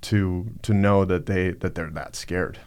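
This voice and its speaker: Low-voiced man telling a personal story. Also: steady tone, a little mellow, clear, resonant tone. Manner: halting, reflective, many fillers. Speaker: podcast guest. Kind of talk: casual storytelling.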